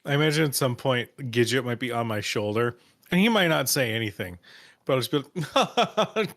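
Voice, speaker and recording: A man playing a tabletop game in character, calm and a little hesitant. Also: medium pitch, normal speed, no echo, clean studio sound. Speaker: player. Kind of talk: casual tabletop role-play.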